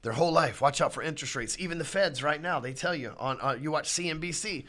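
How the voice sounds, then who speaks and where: A middle-aged man with a drawl delivers a profane, blunt sales rant as a podcast host. His voice is bright and tense, sitting a little high, and he presses hard on his points. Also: fast talker. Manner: blunt, swearing, heated, climbs louder when riled.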